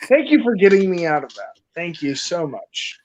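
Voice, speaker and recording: A man's voice: sits high, big pitch swings, normal speed, slight background noise. A man co-hosting a casual stream chat, goofy and jokey. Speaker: co-host.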